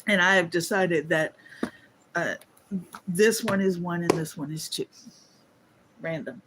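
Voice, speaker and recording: A woman drawls slowly through a casual livestream, yawning now and then and calling her viewers y'all. She talks into a phone on a holder at a craft table, with a faint hum of room ambience behind her. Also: lowish voice, fairly bright tone. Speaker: livestream host.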